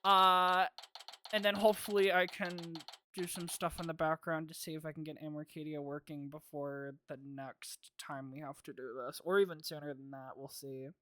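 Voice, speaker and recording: A woman's voice: deep voice, little pitch movement, moderate pace, a bit bright, clean tone, dry recording. A woman streamer talking casually over a game, joking and swearing. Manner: chatty, swearing, joking asides.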